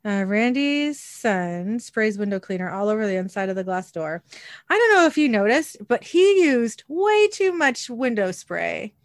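Woman host, mid-pitched, dry close sound, brisk scene-by-scene recap. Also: sing-song, no room sound. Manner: narrates scenes and quotes lines in a light voice. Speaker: podcast host recapping an episode. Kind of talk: casual recap with read-out scene narration.

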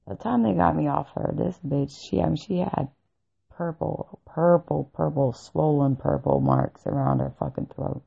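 A woman's voice: deep voice, normal speed, vocal fry, slightly rough. A woman vlogger telling a personal story in a blunt, heavily profane way, often breaking into laughter. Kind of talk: casual personal storytelling rant. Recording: dull lo-fi recording.

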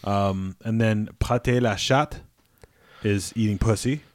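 A man's voice: fairly low pitch, slow pace, no room sound. A man in his thirties co-hosting a podcast, swearing freely and rambling with restarts in crude casual banter. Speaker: podcast co-host.

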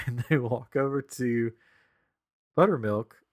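A man in his thirties chats casually as a podcast co-host, his voice sitting at an ordinary middle pitch. He tells a story with lively energy, chuckling often and switching into quick impressions for the quotes. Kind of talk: casual chat.

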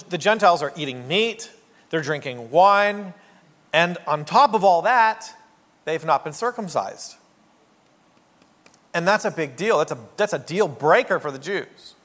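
Brief: male pastor, slightly high voice, wry and chatty, big reverberant church sound. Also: fairly bright tone. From Canada. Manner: joking, conversational, rhetorical asides. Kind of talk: sermon.

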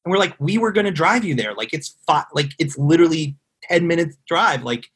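A man's voice: on the high side, animated, brisk, fairly bright tone, slightly rough. A man casually telling a long, rambling story on a podcast, swearing often and full of fillers. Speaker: guest telling a tour story.

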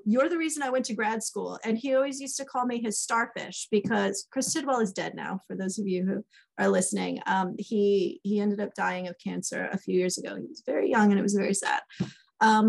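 A woman's voice: mid-range voice, a little fast, gravelly. A middle-aged woman, an author guest, telling stories in a casual chat and acting out the quoted dialogue. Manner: animated, acts out quoted dialogue.

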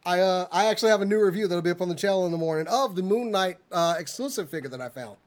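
A podcast co-host in a casual panel chat, talking in an animated, exasperated ranting way. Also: medium pitch, rapid-fire.

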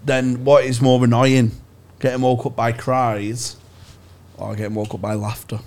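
A man co-hosting a comedy podcast, chatting casually with quick, laughing banter. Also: mid-range voice, flat delivery, a little mellow. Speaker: podcast co-host.

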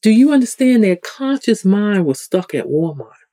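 A host with a New York accent gives a casual, rambling spiritual teaching talk, restarting sentences often in a conversational way. His dark-toned voice moves at a moderate pace with big pitch swings, jumping suddenly when he acts out people he quotes, in a dry recording.

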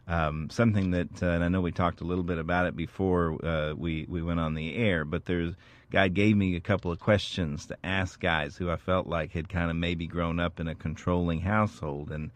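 A man with a very deep voice co-hosts a reflective, faith-based discussion. He explains things earnestly, leaning on everyday examples. His voice is recorded close and dry. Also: fairly even intonation, moderate pace, no room sound. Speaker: co-host.

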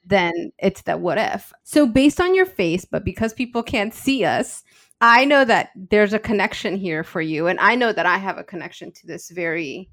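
A woman's voice: mid-range voice, expressive, moderate pace, fairly bright tone, no room sound, studio quality. A woman co-hosting a podcast in casual chat. She tells personal stories in an earnest, open way. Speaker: podcast co-host.

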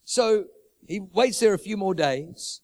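High-voiced male preacher. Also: expressive, takes it slowly, a little mellow. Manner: repeats phrases for emphasis, builds urgency. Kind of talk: sermon.

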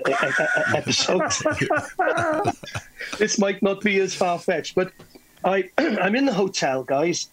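Husky West Welsh man telling a story. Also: high-pitched, poor audio. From Wales. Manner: animated, stammering restarts, chuckling. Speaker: guest telling stories. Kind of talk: anecdotal storytelling.

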